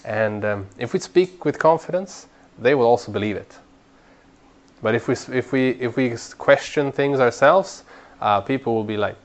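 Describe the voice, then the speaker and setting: A man teaching a training class in an earnest way, repeating words as he builds a point and growing animated when he urges people on. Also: medium pitch, normal speed, pauses often. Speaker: Bible study trainer.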